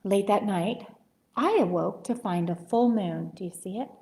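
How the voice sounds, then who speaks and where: A woman librarian reading picture books aloud at story time, gentle and expressive, cheerful and encouraging with young children. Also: mid-range voice, moderate pace, reverberant.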